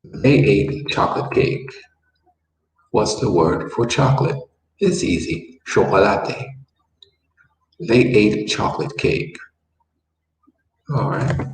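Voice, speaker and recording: A man's voice: on the low side, takes it slowly, pauses often. A man teaching a Spanish lesson, patiently repeating words and explaining step by step. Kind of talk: classroom language lesson. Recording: echoey room, mic far off, faint background noise.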